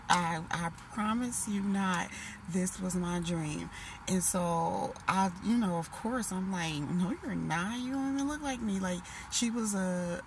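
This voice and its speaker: A woman in her late thirties telling a long dream story in a casual, animated way, full of restarts. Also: on the low side. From Minnesota. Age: 30s. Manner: animated, emotional retelling with restarts. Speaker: vlogger. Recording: noisy background hiss.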